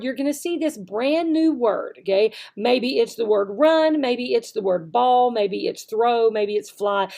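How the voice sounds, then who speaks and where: A woman's voice: fairly high pitch, gravelly, a little mellow. A woman giving an instructional video lesson for online English teachers, checking in with "okay?" often and demonstrating words in varied voices.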